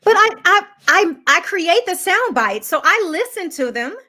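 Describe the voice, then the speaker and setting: High, pitchy-voiced laughing woman. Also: big pitch swings, normal speed, pushed and bright. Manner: laughing, teasing, repeats words when starting. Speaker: co-host who makes the sound bites. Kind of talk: casual chat.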